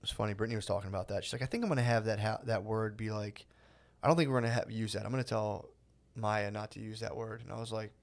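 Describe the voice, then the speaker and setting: A man's voice: lowish voice, steady tone, quick pace, gravelly. A man in his thirties co-hosting a casual podcast, talking loosely, laughing and acting out quotes. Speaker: podcast co-host. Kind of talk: casual chat.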